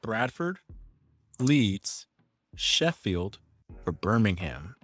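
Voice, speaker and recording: A man's voice: lowish voice, sing-song, extremely slow, a bit bright, faint music behind. A man hosting a casual podcast, reading out quiz questions and teasing his guests with frequent laughter. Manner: teasing, laughs often, reads options aloud. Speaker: podcast host, quizmaster.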